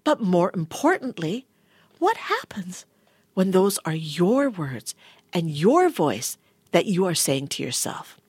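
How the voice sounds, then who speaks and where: Animated breathy woman leading affirmations. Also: fairly low pitch, slow, no room sound. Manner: animated, laughs often, drops into soft whispers. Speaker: wellness speaker. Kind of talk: motivational talk and guided affirmation. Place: studio with a sound engineer.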